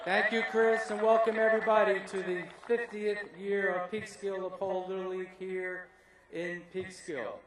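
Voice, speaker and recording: A man's voice: high-pitched, little pitch movement, moderate pace, very noisy. A man emceeing a ceremony at an outdoor ballfield, upbeat and emphatic. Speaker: master of ceremonies. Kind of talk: ceremony announcing over a PA. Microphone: PA microphone heard from afar. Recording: very echoey PA from far off.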